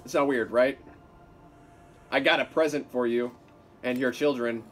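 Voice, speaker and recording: With a steady, fairly bright mid-range voice and a measured pace, a man provides casual let's play commentary over game music. He's playful and chatty, gushing over the creatures on screen and talking to them.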